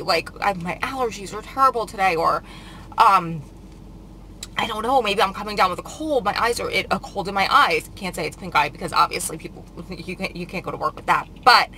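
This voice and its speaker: A woman's voice: mid-range voice, sharp tone, slight background noise, rough recording. A woman vlogger telling a painful story in a casual confessional vlog, upset and rambling with many filler words.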